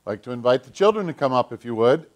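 A pastor telling a story to children during a sermon, in an animated, emphatic way. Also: male voice, mid-range voice, vocal fry.

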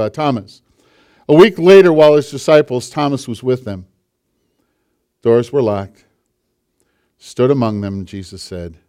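Impassioned preacher with a slightly high voice. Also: male voice. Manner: impassioned, swinging from forceful to hushed. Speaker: pastor. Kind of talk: sermon.

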